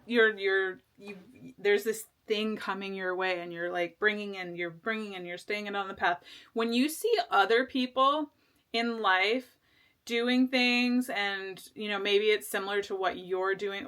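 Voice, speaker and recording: A woman's voice: medium pitch, a bit bright. A woman talks through a tarot reading in a loose, casual way. She rambles, trips over restarts and leans on fillers. Her tone stays earnest and reassuring. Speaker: tarot reader.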